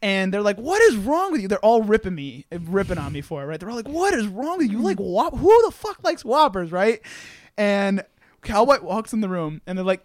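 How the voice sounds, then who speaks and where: A young man with a high voice hosts a loose, casual podcast. He is a little drunk and tells animated stories, laughing often and swearing freely. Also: no room sound, clean studio sound. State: tipsy. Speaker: podcast host.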